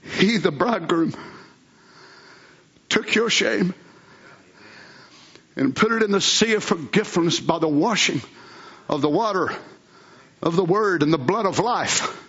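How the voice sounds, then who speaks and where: A man preaching a fervent sermon, swinging between shouts and low asides. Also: animated, unhurried, pauses often, breathy edge, highs cut off.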